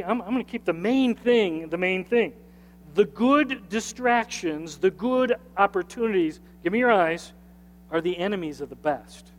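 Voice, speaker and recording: A man preaching a sermon as pastor, emphatic and repetitive, leading the congregation to repeat lines back. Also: sits high. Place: church sanctuary. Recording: church hall reverb.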